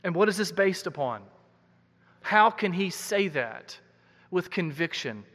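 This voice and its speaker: A man's voice: high voice, animated, unhurried, a bit bright. A man preaching a sermon as pastor, earnest and emphatic, repeating key words for weight. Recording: long hall reverb.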